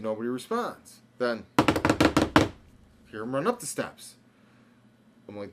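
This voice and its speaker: A man's voice: fairly low pitch, lively intonation, unhurried, pauses often, a bit bright, slight background noise. A young man telling a story on a podcast in a rambling way, stumbling and restarting often. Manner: rambling, stammering with many restarts. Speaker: podcast co-host. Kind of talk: casual storytelling.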